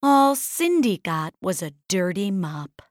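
A woman reading a children's fairy tale aloud, clearly and deliberately. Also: mid-range voice, very animated, no echo, clean studio sound. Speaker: storybook reader. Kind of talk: slow read-aloud storybook narration.

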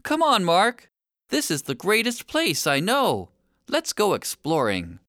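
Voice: medium pitch, wildly swooping pitch, unhurried, fairly bright tone, dry recording, studio quality. A reader voicing a tiny, kind and cheerful young female turtle in a storybook read-aloud. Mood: excited. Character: tiny friendly hurt sea turtle girl.

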